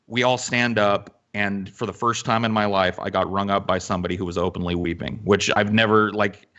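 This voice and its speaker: Profane, animated man telling a story. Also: lowish voice, brisk, dull audio. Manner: animated, profane, lots of fillers. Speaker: podcast host. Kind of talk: casual storytelling.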